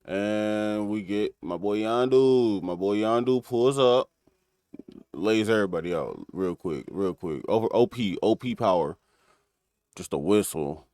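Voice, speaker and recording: A man's voice: lowish voice, expressive, measured pace, a little mellow, no echo. Rambling casual male streamer, dry close sound. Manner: loose and rambling, lots of fillers and laughs. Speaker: streamer recapping an episode. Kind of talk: casual episode breakdown.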